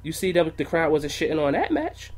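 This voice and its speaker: On a casual wrestling podcast, a co-host rants in a heated, profane way. His voice is a little high, very animated and a little fast.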